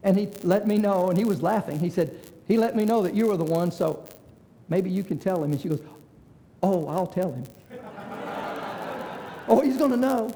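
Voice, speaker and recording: A man's voice: high voice, animated, normal speed, long pauses, mellow, a little hiss or hum. A man, a pastor telling a personal story in a sermon in a folksy way, acting out the voices of the people he quotes. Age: 60s. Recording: long reverb of a large hall.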